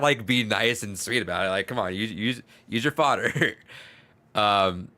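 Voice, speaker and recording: A man's voice: on the low side, normal speed, sharp tone, no echo. A man co-hosting a podcast, telling a story in rambling casual chat, restarting his words and swearing freely. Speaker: podcast co-host.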